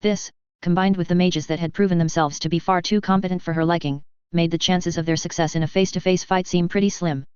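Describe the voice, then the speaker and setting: A steady storyteller reads a fan fiction aloud, very smooth and clear. The sound is dry with no room, and a touch dull and lo-fi. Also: mid-range voice, fast, few pauses, dry recording. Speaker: narrator. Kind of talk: audiobook fan fiction reading. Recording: dry, slightly dull lo-fi recording.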